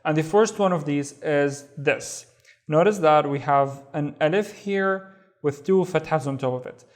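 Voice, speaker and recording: In a slightly slow, higher-pitched voice, a man with a Saudi accent walks beginners through reading Arabic step by step. He patiently sounds out each word and says it again.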